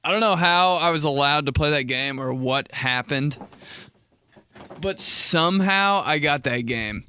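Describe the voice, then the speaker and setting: A man's voice: a little slow, clean tone. Rambling young man on a podcast. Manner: rambling, animated, heavy "like" filler, slips into jokey high put-on voices. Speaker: podcast host. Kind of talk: casual solo podcast chat.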